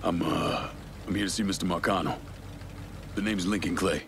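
An actor playing a calm, reserved male veteran in a video game, speaking in a low-key way. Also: moderate pace, creaky, a little hiss or hum. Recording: game audio with music behind.

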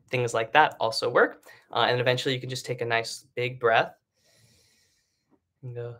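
A man's voice: medium pitch, steady tone, normal speed, pauses often, pushed and bright. A man teaching an online singing lesson, explaining breathing in a casual way with lots of fillers and "right?" checks. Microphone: live stream setup.

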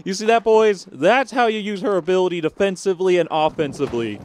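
A man giving live gameplay commentary as a gaming YouTuber, excitable, yelping and pleading under pressure and bragging to his viewers. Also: high voice, fast, a little hiss or hum. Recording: game sound effects and gunfire behind.

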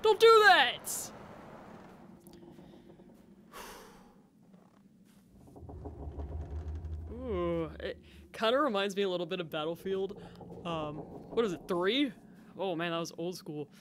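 A man commentating a horror game as he plays, talking to himself, jumpy and quick to exclaim and laugh. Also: high-pitched, slight background noise. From United States. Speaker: gameplay commentator. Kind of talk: let's play commentary.

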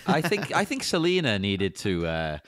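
Host: middle pitch with a lively swing, dry close sound, quips. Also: moderate pace, dry recording. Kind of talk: casual podcast chat.

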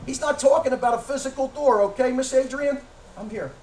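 A man preaching a sermon as pastor, emphatic, firing rhetorical questions at the congregation and shouting at times. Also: extremely high pitch, a little fast, slight background noise. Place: church sanctuary. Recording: echoey church from a distance.

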